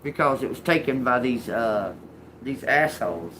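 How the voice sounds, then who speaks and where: A woman giving a loose, casual spiritual reading to her audience. Her pitch swings widely as she talks, and she breaks into laughter often. She swears freely and keeps a streetwise, offhand manner, with a faint ambient hiss behind her. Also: animated, moderate pace. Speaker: intuitive reader.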